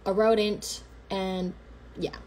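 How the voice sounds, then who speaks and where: A woman's voice: mid-range voice, takes it slowly. Blunt, profane woman telling a story. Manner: animated, blunt, slangy and profane. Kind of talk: casual livestream storytelling.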